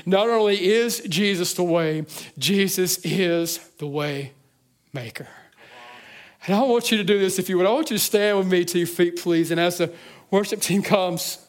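A pastor preaching a sermon to his church, earnest, moving between hushed reflection and fervent emphasis with frequent restarts. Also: sits high, normal speed. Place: church service.

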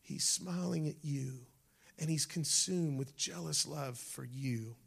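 A pastor preaches slowly in a voice that is on the high side, gravelly and husky. His animated sermon shifts between calling out to the congregation and dropping at moments to a near-whisper.

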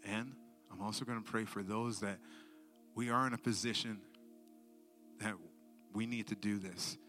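A man preaching a sermon with a story, moving between hushed near-whispers and loud, excited telling. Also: fairly low pitch, moderate pace, soft background music. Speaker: speaker at school assemblies and church event.

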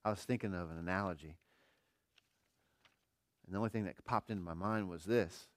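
A middle-aged man preaching a sermon as pastor, earnest, firing rhetorical questions and swinging between quiet and emphatic delivery. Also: deep voice, brisk, no room sound.

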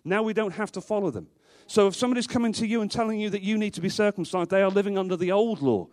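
A pastor with a high, light, slightly mellow voice preaches a sermon from the pulpit to a congregation in a church, racing through his words. He's emphatic, driving home his points with repeated rhetorical questions and the occasional dry joke.

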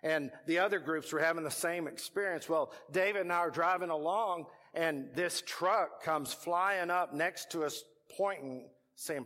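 Man, Texan accent, middle-aged, pastor, sermon storytelling, lively narrator. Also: fairly high pitch, normal speed. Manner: animated storyteller, acts out voices of the people in his story.

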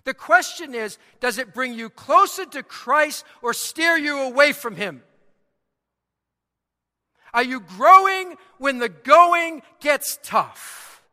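A male pastor delivering a sermon in a church, building to loud, emphatic peaks and dropping low and soft for prayer. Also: lively intonation, slow pace. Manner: dynamic preaching, swells loud and high for emphasis. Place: church sanctuary. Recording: long hall reverb.

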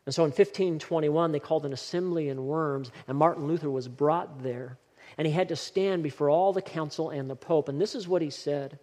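A man's voice: a little high, fairly quick, darkish tone. A male pastor preaching a sermon in a church, driving his points home with short, repeated exhortations. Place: church sanctuary. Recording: long reverb of a hall.

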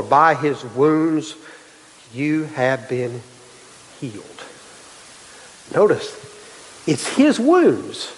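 Guy preaching a sermon, fairly high voice, keeps repeating himself for emphasis, long reverb. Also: breathy edge. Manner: preaching with climbing intensity and emphatic repetition. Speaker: pastor.

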